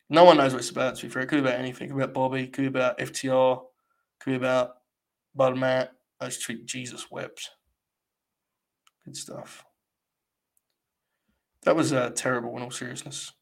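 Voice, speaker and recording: A man's voice: medium pitch, gravelly. A young man hosting a live stream, giving blunt, sarcastic, casual commentary and swearing freely.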